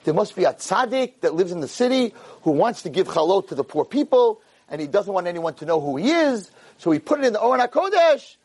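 A man's voice: high voice, sing-song, brisk, hardly any pauses, darkish tone, slightly rough, pitched above the performer's own voice, full character voice. A man voicing a synagogue caretaker who wonders aloud in an earnest way. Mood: wondering.

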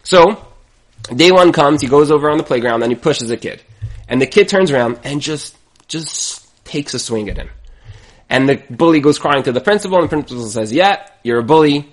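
A man preaches with a high, very expressive voice that leaps up and down as he tells stories. He acts out the people he quotes, swinging from loud to hushed. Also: a little fast. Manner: animated storytelling, acts out quoted speakers. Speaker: rabbi giving a Torah talk. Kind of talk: sermon with stories.

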